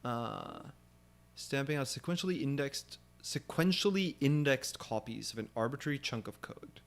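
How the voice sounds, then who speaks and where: A young man leads a live programming session and talks through his reasoning as he goes. His speech is loose and unscripted, full of pauses, fillers and quick restarts. His pitch sits in the middle range for a man. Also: lively intonation, gravelly. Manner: thinking aloud with many fillers. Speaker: programming stream host. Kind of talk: live coding walkthrough.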